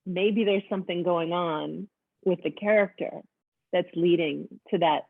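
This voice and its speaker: A woman's voice: fairly low pitch, unhurried, vocal fry, husky, dry recording. A woman hosting a teaching webinar, attentively summing up points and asking her guest questions over a video call. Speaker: host, education director. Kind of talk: hosted webinar interview. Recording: tinny phone-like call audio.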